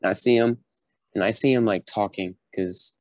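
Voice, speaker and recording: A man's voice: fairly low pitch, moderate pace, no echo. A young man, a podcast guest, casually telling a story and acting out what people said. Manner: animated, acts out quotes. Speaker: podcast guest, former recruit.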